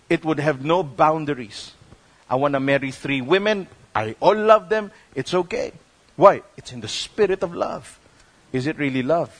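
Animated Filipino pastor preaching. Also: male voice, medium pitch. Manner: mixes English and Tagalog, animated, acts out quotes. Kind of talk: sermon.

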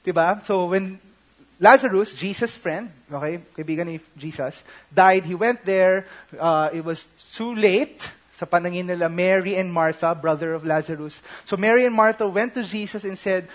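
A young Filipino man preaching a sermon, mixing English and Tagalog and swinging between loud outbursts and hushed, intimate tones. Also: high-pitched, moderate pace. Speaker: pastor.

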